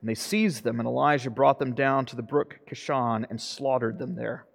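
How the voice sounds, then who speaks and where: A man's voice: mid-range voice, normal speed, gravelly. A man, a pastor, reading scripture aloud during a sermon, earnest and emphatic, swelling dramatically on quoted speech. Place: church sanctuary. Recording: long church reverb.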